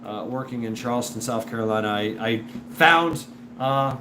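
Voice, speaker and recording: A man hosting a show in a casual, rambling monologue, full of restarts and repeated words, and animated when he imitates other people. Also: mid-range voice, moderate pace. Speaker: show host. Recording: noisy background.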